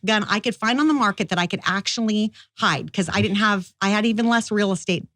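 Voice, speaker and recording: A woman's voice: medium pitch, fairly quick, fairly bright tone, dry recording. A middle-aged woman, a firearms instructor, telling her story in a casual, rambling interview with lots of fillers. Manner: chatty, rambling, many fillers.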